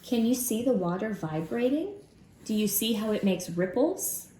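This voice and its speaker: A woman teaching a Sunday school lesson to children at home, in a lively, encouraging way. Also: on the high side, normal speed, a little hiss or hum. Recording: roomy room sound with faint ambience.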